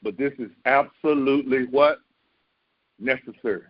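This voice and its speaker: A man's voice: mid-range voice, moderate pace, no room sound, muffled recording. A man preaching a sermon as pastor, talking in an emphatic, conversational way that repeats phrases for stress.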